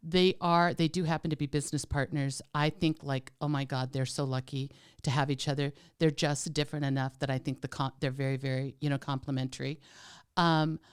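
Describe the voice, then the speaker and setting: Woman podcast cohost, deep smooth voice, chatty and teasing, lots of likes and ums. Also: flat delivery, fairly quick. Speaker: podcast co-host. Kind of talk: casual chat.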